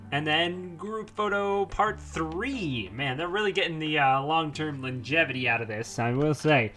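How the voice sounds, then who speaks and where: A man's voice: on the high side, unhurried, few pauses, pushed and bright, faint music behind. A young man reading a visual novel aloud as narration, with casual asides and fillers between passages. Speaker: visual novel let's-player.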